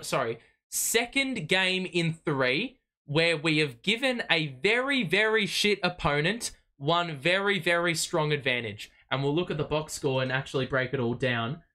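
A young man does live fan play-by-play, his slightly high voice bright and forceful. He is excitable and exasperated, and he swears freely at his own team. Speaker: fan watch-party host.

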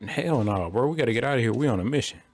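A man's voice: mid-range voice, expressive, very fast, faint music behind. A young man giving loose, slangy running commentary while playing a video game. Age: young adult. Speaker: gaming streamer. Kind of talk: casual gameplay commentary.

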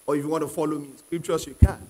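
Male pastor with a husky, high voice, preaching emphatically to a congregation; sound carries a long hall reverb. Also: fairly even intonation, rapid-fire, darkish tone. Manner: asks the congregation questions and prods them to answer; emphatic, repeats key phrases. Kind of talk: sermon. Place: church hall with live congregation.

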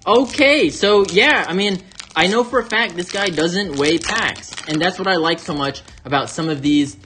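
A man with a high, bright, forceful voice hosts a card-opening unboxing channel, speaking at normal speed. He chats casually with "you guys" and bursts into gushing exclamations over each card. A faint hiss or hum is audible.

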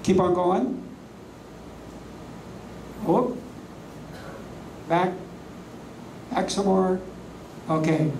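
A preacher teaches from slides, landing key words slowly and emphatically and asking the room rhetorical questions. The tone is mellow and dark. The voice is caught from a distance in an echoey room, with a faint hum underneath. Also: medium pitch, fairly even intonation. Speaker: preacher teaching a ministry class. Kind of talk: sermon with slides.

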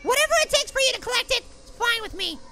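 A performer voicing a tiny, excitable cartoon apple who hosts a gaming video, yelling and giving silly names to the monsters. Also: very high-pitched, fast. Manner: excitable, shrieks and yells, silly name-calling. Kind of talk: cartoon character game commentary.

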